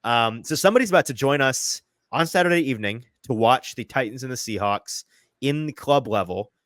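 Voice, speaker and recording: A man hosting a sports podcast in casual chat, quick and self-deprecating, a little out of breath. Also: mid-range voice, expressive, a bit bright, no room sound. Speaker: podcast host. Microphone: headphones, remote call.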